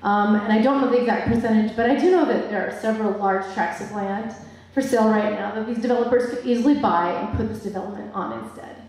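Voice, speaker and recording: A woman's voice: mid-range voice, fast, darkish tone. A woman giving an emotional, earnest public comment at a town hearing. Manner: emotional, earnest, laughs nervously. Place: large echoey public hall. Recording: echoey hall, voice from far off.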